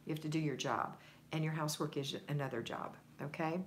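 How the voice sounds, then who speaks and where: A woman's voice: low-pitched, fairly even intonation, fairly quick, a little hiss or hum. A woman coaching viewers on a livestream, reading their comments aloud and encouraging them in a chatty, conversational way. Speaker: home organizing coach.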